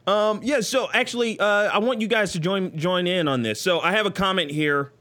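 Excitable guy hosting a live stream, bright voice, jokey and all over the place. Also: normal speed. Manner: excitable, jokey, jumps into goofy high voices. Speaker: stream host. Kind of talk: casual live stream chat.

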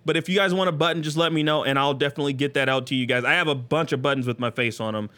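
A man hosting a casual live stream chat, excitable and jokey, often jumping into goofy high-pitched bits. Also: very fast. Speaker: stream host.

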